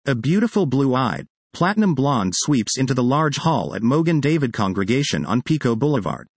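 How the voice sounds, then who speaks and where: A man reading a first-person magazine article aloud in a lively, expressive way. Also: mid-range voice, moderate pace, breathy edge, dry recording.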